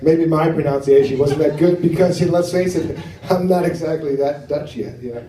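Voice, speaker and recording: An American man performing a stand-up comedy set on a club stage, talking in a halting way with many fillers and asides to the crowd. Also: on the high side, mellow. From United States. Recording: roomy venue sound from a distance.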